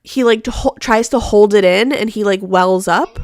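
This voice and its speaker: A woman's voice: mid-range voice, moderate pace, no echo, clean studio sound. A woman hosting a casual live chat, rambling along with many fillers and restarts. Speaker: host; mother.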